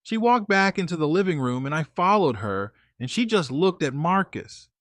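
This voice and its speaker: A man's voice: a little high, big pitch swings, moderate pace, fairly bright tone, dry recording. A man narrating his own story in a casual, conversational way, talking to his listeners directly. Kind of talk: first-person story narration.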